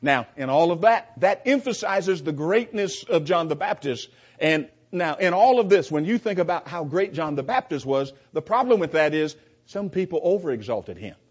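A man's voice: fairly high pitch, animated, moderate pace, slightly rough. A man teaching a Bible class in an emphatic way, asking rhetorical questions and often repeating his words. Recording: dull lo-fi recording.

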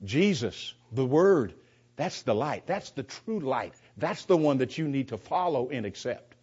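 A man's voice: medium pitch, very animated, a little slow, a little mellow, breathy edge. A man teaching a Bible class in an emphatic way, asking rhetorical questions and often repeating his words. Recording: dull lo-fi recording.

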